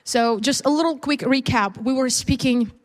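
A woman's voice: high-pitched, normal speed. Candid preaching mother in echoey hall. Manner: candid, conversational, with many fillers and restarts. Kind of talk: personal testimony within a sermon. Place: church service.

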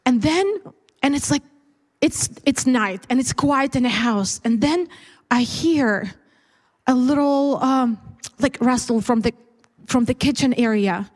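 During a church service, a woman preacher and mother gives a frank, conversational testimony within her sermon, full of fillers and false starts. She speaks high-pitched and without hurry, her voice filling a large hall.

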